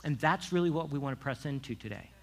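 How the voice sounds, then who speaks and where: A male pastor preaching a sermon in a casual, animated way, full of asides and quick restarts. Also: on the high side.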